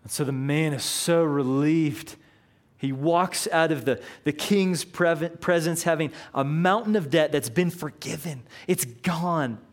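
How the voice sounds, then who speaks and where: A man's voice: fairly high pitch, a little slow. A man preaching a sermon, telling a parable in an earnest, storytelling way with frequent restarts. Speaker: pastor.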